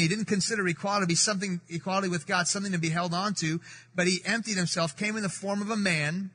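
A high, bright-voiced man from the Middle East preaching with emphatic repetition. His tone is slightly husky, and the church hall gives him a long reverb. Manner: emphatic, repeats key phrases, slows for scripture. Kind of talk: sermon. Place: church sanctuary.

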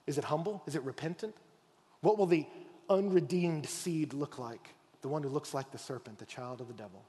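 Male pastor, high voice, animated storytelling sermon, long hall reverb. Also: slightly rough. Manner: animated storytelling, acting out voices, dropping low and soft for emphasis.

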